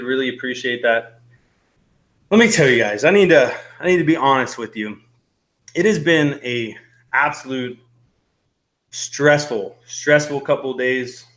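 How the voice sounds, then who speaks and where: A man's voice: mid-range voice, fairly bright tone. A young man hosting a casual live-stream chat, rambling and laughing nervously, a little out of breath. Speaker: host.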